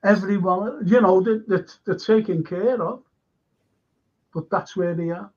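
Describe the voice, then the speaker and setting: A man's voice: high-pitched, moderate pace, darkish tone. A man hosting a casual talk show, rambling with restarts and reading viewer comments aloud. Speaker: host. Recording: dull lo-fi sound.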